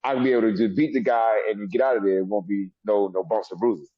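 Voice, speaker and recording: A middle-aged man, a wrestler guest in an interview, telling animated stories and laughing often. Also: on the low side, fast talker, breathy edge, no echo. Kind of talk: storytelling interview. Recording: dull lo-fi sound.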